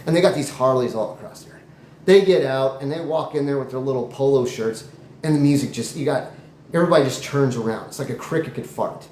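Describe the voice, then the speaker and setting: A man improvising a comic story in a rambling, animated way with jokey asides. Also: mid-range voice, brisk. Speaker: comedy storyteller. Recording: echoey room, faint noise.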